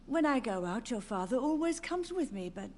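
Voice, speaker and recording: A woman's voice: on the high side, big pitch swings, moderate pace, a little mellow. An actress playing a frail, confused elderly mother in a video game who drifts between tenderness and sorrow, with game music behind her. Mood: confused, tender. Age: older.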